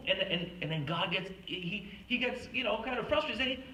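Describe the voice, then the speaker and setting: Bright-voiced woman preaching in echoey hall. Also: mid-range voice, expressive, moderate pace, few pauses, distant mic, slight background noise. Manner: earnest, storytelling, acts out quoted speech. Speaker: retreat speaker. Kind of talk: faith talk to a retreat audience.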